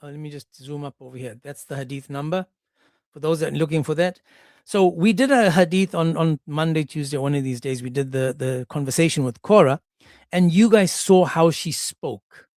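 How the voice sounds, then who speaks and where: A man talking straight into a dry, close microphone with no room sound. He sits a touch high for a male voice and mocks his subject, slipping into put-on voices for the people he quotes. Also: normal speed, darkish tone, no room sound. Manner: mocking, sarcastic, acts out quoted voices. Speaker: commentary channel host. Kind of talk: monologue commentary on a clip.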